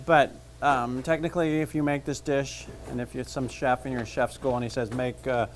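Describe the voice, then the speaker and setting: A man's voice: medium pitch, steady tone, normal speed, a little hiss or hum. A man teaching a cooking class, chatting casually and joking as he cooks. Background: frying and sizzling.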